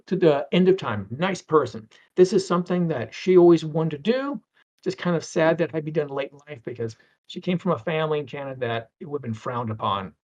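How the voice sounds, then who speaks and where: A man's voice: on the high side, darkish tone, lo-fi sound. A middle-aged man talking casually as an interview guest, rambling through anecdotes with stammers and acted-out quotes.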